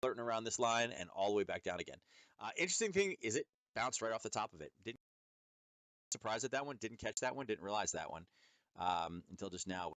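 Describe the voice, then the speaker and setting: Casual low-voiced man walking through charts. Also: animated, a little fast, fairly bright tone, dry recording. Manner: rambling, conversational, many fillers and self-corrections. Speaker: trading educator hosting a chart review. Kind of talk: casual screen-share lesson.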